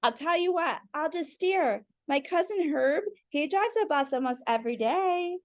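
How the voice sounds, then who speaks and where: Storybook pigeon, eager and begging, voiced by a woman, pitched high. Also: animated, moderate pace. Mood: wheedling. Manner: begging, wheedling. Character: pleading eager pigeon who wants to drive.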